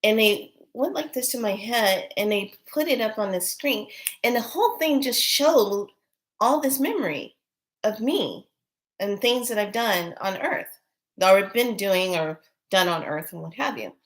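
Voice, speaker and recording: A woman's voice: mid-range voice, expressive, measured pace. A middle-aged woman, a priestess, telling a personal story in casual chat, breathless and full of wonder-struck exclamations.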